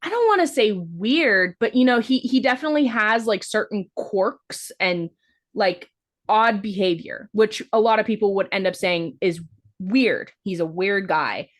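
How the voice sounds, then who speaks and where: A woman's voice: mid-range voice, animated, a little slow. A woman co-hosting a podcast, recapping a film in a casual, rambling way, full of "like" fillers and the odd swear word. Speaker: podcast co-host. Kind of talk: casual movie-review chat.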